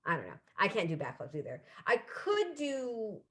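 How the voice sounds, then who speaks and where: A woman's voice: mid-range voice, huge pitch swings, normal speed. A woman in her thirties hosting a solo comedy livestream from home, chatting casually and laughing at herself. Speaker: streaming comedy show host. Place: home room with bookshelf.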